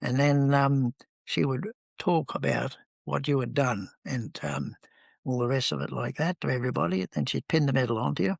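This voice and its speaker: A man's voice: mid-range voice, normal speed, gravelly, no echo. A man, telling rambling stories as an interview guest, with lots of ums. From New Zealand. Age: 70s. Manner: rambling, anecdotal, with many ums. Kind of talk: relaxed storytelling in conversation.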